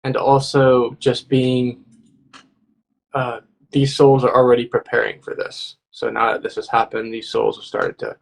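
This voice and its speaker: A man's voice: medium pitch, level tone, unhurried, vocal fry. A man appearing as a guest channeler on a livestream, talking in a casual, rambling way with many fillers. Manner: rambling, filler-heavy, laughs often.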